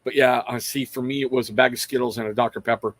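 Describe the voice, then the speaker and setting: A man's voice: mid-range voice, steady tone, fast, a bit bright, no echo. A middle-aged man hosting a livestream, chatting casually and rambling to viewers, calling out their names and swearing freely. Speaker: livestream host.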